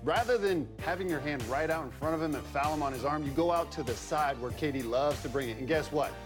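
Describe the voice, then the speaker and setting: A man's voice: fairly high pitch, fast, music in the background. A man who played the game, now a studio analyst explaining plays in a conversational, slightly jokey way. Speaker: basketball analyst and former player. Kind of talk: studio film breakdown commentary.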